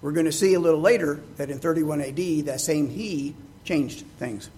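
A man's voice: a little high, moderate pace, darkish tone, slight background noise. A man preaching a sermon, reading scripture aloud and asking his listeners rhetorical questions.

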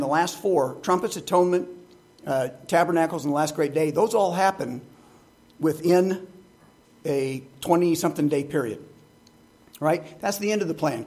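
A man's voice: on the high side, slightly rough. A man preaching a sermon, reading scripture aloud and asking his listeners rhetorical questions.

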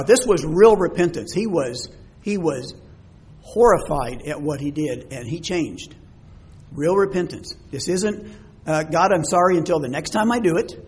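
A man's voice: on the high side, a little mellow, slightly rough. A man preaching a sermon to a congregation in a church hall, speaking conversationally and asking them questions.

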